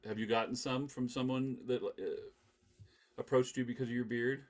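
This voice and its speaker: A man hosting a podcast in a casual group chat, playful and quick to laugh, putting questions to the group. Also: mid-range voice, steady tone. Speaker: podcast host.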